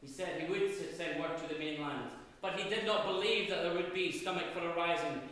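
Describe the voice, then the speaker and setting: A Scottish man giving a dramatic history lecture, swinging from loud emphatic bursts to low hushed asides, recorded in a university auditorium. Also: a little fast. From Scotland. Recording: echoey hall, voice far from mic.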